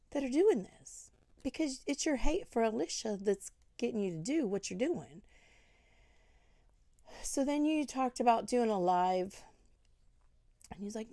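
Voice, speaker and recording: A commentary vlogger tears into another online creator, her indignation pouring out in rhetorical questions. She speaks on the high side with vocal fry and a dark tone, recorded at studio quality with no echo.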